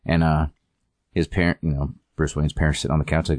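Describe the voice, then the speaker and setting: A man co-hosting a casual podcast, recapping a comic story in a halting way, full of ums and likes. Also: a bass voice, little pitch movement, darkish tone, no room sound, studio quality. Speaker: podcast co-host reviewing comics.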